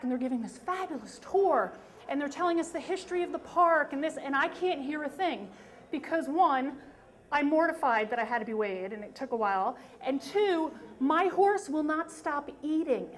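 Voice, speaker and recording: Woman from New York, high voice, story slam teller, emphatic and self-mocking. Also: animated, fairly quick. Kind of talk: live story slam telling. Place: stage at a live storytelling event.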